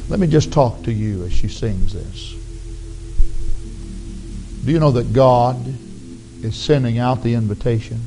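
A man preaching an altar call, his raspy voice earnestly pleading with the congregation to come forward. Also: medium pitch, measured pace, long pauses, warm tone, faint music behind, low-quality recording. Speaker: pastor. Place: church sanctuary.

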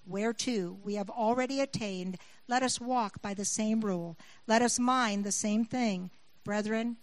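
Her mid-range voice comes through a dry, low-quality recording as this middle-aged woman preaches. She alternates scripture passages with personal anecdotes and builds emphasis whenever she calls on her audience.

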